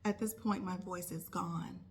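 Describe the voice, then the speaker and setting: A woman's voice: fairly low pitch, steady tone, measured pace. A woman who is a nurse, telling a casual vlog story and acting out her own thoughts in quotes. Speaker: nurse vlogger.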